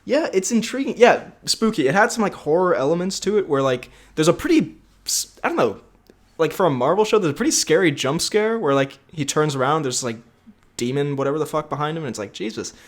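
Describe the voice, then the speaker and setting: A man's voice: on the high side, lively intonation, a little fast. A young man co-hosting a podcast in casual chat, rambling and laughing often. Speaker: podcast co-host.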